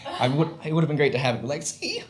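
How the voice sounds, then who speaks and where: A man's voice: mid-range voice, rapid-fire, a little mellow, a little hiss or hum. A young man telling a personal story on stage before an audience, rambling with lots of fillers and poking fun at himself. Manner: rambling, filler-heavy, self-mocking humor.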